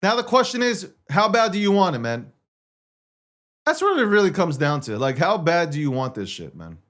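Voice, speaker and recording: A man's voice: on the high side, wildly swooping pitch, moderate pace, fairly bright tone. A man hosting a livestream, talking in an intense, profane and repetitive rant. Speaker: livestream host. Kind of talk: ranting livestream monologue.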